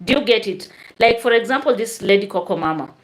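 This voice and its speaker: A woman's voice: medium pitch, expressive, quick pace. A woman hosts a live stream, reading out viewer comments and chatting straight to her viewers.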